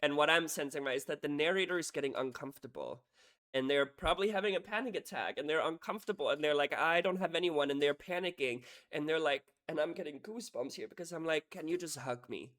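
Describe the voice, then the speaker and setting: A man's voice: on the high side, quick pace. Emotional man breaking down lyrics. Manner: animated, says "right?" often, swings between loud and hushed. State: emotional, head hurting. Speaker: music reaction creator.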